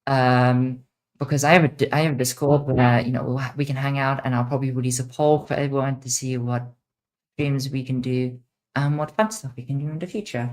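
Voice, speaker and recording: A woman's voice: very deep voice, steady tone, fairly quick, a little mellow. A young woman streamer hosting a casual Q&A, rambling and repeating herself with many fillers. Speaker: streamer host. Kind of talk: casual livestream Q&A.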